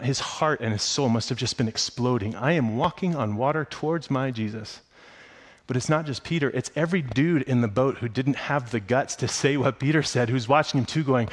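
A man preaching a sermon. He tells the story with excitement and acts out the characters' lines in a higher voice. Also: moderate pace. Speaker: pastor.

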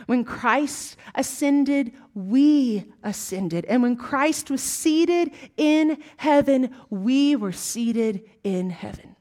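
A Southern-accented woman delivers a sermon at a slow, deliberate pace. Her voice sits a little high. She builds to emphatic lines, then drops to hushed, almost whispered asides. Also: expressive. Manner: emphatic, swings between rising exclamations and hushed asides. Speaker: preacher.

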